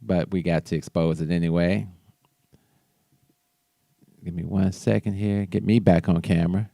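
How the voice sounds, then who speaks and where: Low, dark-voiced man talking politics. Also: fairly even intonation, moderate pace, creaky, no room sound, clean studio sound. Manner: loose, conversational, with restarts. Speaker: show host. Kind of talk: casual political commentary.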